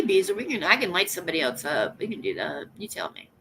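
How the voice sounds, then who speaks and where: Lively, sassy woman streamer. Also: mid-range voice, quick pace, hardly any pauses, slight background noise. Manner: sassy, teasing, laughs often. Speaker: livestream host. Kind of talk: casual live-stream chat.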